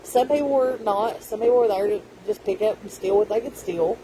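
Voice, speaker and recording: A woman's voice: medium pitch, brisk, background noise. A woman, telling a rambling story in casual vlog chat. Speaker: vlogger.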